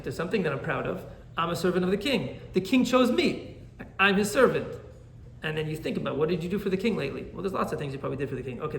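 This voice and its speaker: A man, a rabbi, teaching an animated Torah class and often checking in with "right?". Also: on the high side, gravelly, echoey room, a little hiss or hum.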